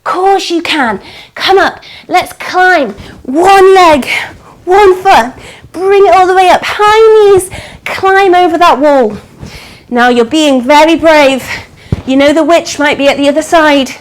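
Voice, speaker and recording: A woman teaching a storytelling yoga class for children, giving animated, coaxing instructions full of gasps and exclamations. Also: very high voice, slow pace, rough recording.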